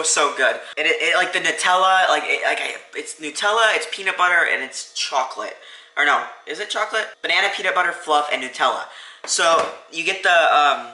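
A food vlogger reviews a sandwich indoors at a restaurant, filming on a handheld phone camera with no tripod. His voice sits on the high side and is expressive, bright and forceful, at a moderate pace, and he's chatty and enthusiastic with plenty of fillers. The recording is low quality and reverberant.

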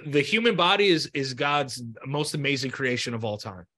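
A podcast host leads a heartfelt interview chat, speaking earnestly and encouragingly while repeating himself and swearing freely. His mid-range voice is animated, pushed, and bright, at a moderate pace.

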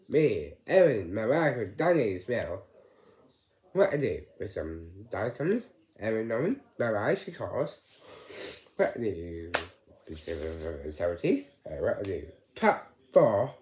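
Man rambling slowly on his vlog. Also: fairly low pitch, sing-song, darkish tone, reverberant. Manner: rambling, halting, repeats words. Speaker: vlogger. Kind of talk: casual vlog chat.

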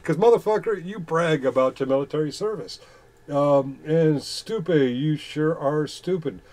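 Reading chat comments aloud on his channel, a man mocks the commenters with profanity and laughs a lot. His volume swings between loud bursts and muttering, and his voice is fairly high-pitched and unhurried.

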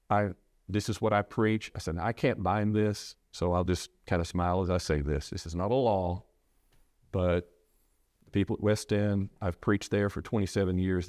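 This low-voiced, middle-aged preacher talks through a personal loss in reflective interview fashion, his sincerity earnest but halting as he trips over words and starts thoughts again. The tone is darkish, and the close recording is dry, without any room sound.

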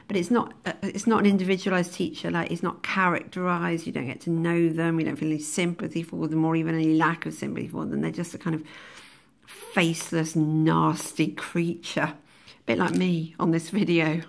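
Teacher, woman, low gravelly voice, chatty and self-mocking. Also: little pitch movement, normal speed. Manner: thinking aloud with many ums, laughing at her own jokes. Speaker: English teacher. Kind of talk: recorded video lesson on a poem.

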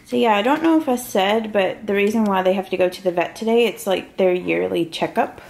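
A woman's voice: medium pitch, brisk, vocal fry, darkish tone, roomy sound. A woman narrating her day in a casual vlog at home, chatty and full of "like" and side remarks. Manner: chatty, sprinkled with "like" and trailing asides. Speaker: vlogger.

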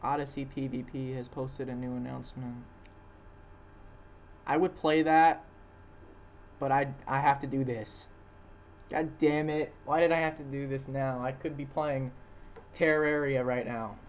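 A young man with a steady, medium-pitched voice casually narrates a recorded video game session in a let's-play voice-over, speaking a little slowly with long pauses. He rambles and corrects himself as he goes, and slight background noise comes from the home room he shares with dogs.

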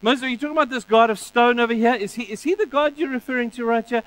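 A male preacher voicing a mocking, bewildered ancient king who scoffs in a raised pitch. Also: fast talker, a bit bright, a little hiss or hum. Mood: scoffing. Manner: incredulous, scoffing.

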